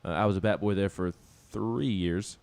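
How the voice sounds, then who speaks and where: A man's voice: sits low, moderate pace, gravelly, a little mellow, no echo. A man co-hosting a casual sports talk show, rambling with many restarts and laughing at himself. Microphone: studio microphone.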